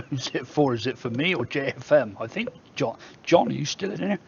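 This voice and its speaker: A man's voice: medium pitch, expressive, moderate pace, creaky, muffled recording, a little hiss or hum. Chatty man with a Somerset English accent. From England. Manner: chatty, reads viewer comments aloud, joking banter. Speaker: live stream host. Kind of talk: casual live stream chat.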